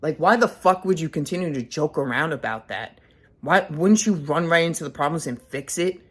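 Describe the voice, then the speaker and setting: A man's voice: fairly high pitch, moderate pace, a bit bright. A man in his twenties giving a blunt, profanity-heavy motivational rant as a vlogger. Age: 20s. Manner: blunt, heavy swearing, intense.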